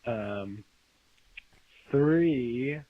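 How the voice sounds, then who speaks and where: A man rambles through a casual voicemail, ticking off his points of business one after another. His voice sits at an ordinary pitch. The sound is dull and lo-fi, as on a recorded message. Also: lively intonation, extremely slow, no room sound. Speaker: voicemail caller.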